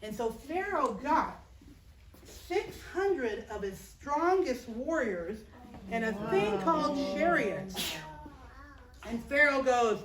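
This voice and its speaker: A woman teaching children, telling a Bible story in a lively, playful and expressive way. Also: sits high, takes it slowly. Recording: roomy, distant mic.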